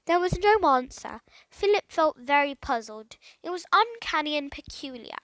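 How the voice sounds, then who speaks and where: A woman narrating a children's adventure audiobook in an expressive storytelling manner. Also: high-pitched, normal speed, dry recording, rough recording.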